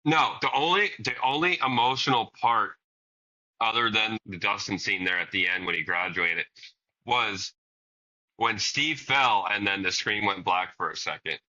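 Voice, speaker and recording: A man's voice: on the low side, normal speed, bright, forceful tone. A man co-hosting a podcast in casual chat, laid-back and agreeable, mostly giving short replies. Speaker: podcast co-host. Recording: dull lo-fi audio.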